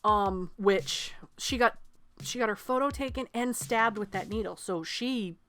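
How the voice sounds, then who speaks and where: A woman from New England in her thirties, co-hosting a casual movie podcast and telling stories with lively acted-out quotes and casual swearing. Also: mid-range voice, measured pace. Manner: animated storyteller, swears freely, acts out quotes. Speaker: podcast co-host. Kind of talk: casual chat about movies.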